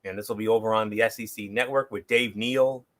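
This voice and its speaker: A man hosting a casual football picks show, giving a plain, steady rundown of each game with a few fillers. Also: fairly low pitch, fairly quick. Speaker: show host. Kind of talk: casual sports picks chat.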